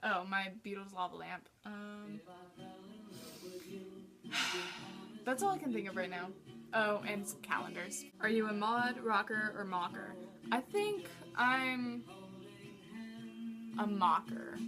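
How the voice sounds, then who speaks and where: A woman's voice: mid-range voice, animated, slow, long pauses. Rambling teen girl, music behind. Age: teens. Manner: rambling, many likes and ums. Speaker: vlogger. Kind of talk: casual tag-question vlog.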